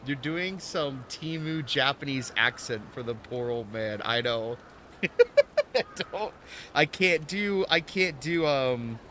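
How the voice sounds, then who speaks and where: A man's voice: mid-range voice, lively intonation, slow, fairly bright tone, a little hiss or hum. Chatty young male streamer. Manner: chatty, rambling, filler-heavy. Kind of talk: casual gameplay commentary.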